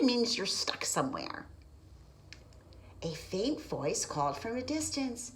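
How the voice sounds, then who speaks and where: A woman's voice: fairly high pitch, big pitch swings, takes it slowly, pauses often, poor audio. A woman reading a picture book aloud to preschoolers, explaining words and asking questions. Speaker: preschool story reader. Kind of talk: children's read-aloud lesson.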